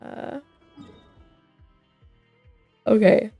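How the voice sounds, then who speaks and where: Speaking extremely slowly in a warm tone, a woman streams a game and chats in a casual, sleepy way. She rambles with fillers and restarts while faint game music plays behind her.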